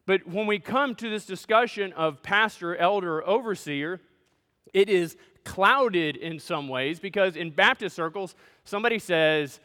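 A man's voice: high voice, normal speed, bright, forceful tone, smooth, in a large hall. A man as pastor, preaching a sermon in a conversational, joking way, in a church sanctuary.

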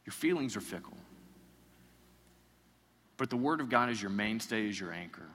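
Male pastor delivering a sermon, forceful tone, long hall reverb. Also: on the low side, lively intonation, moderate pace. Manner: preaching with rising intensity and repeated phrases.

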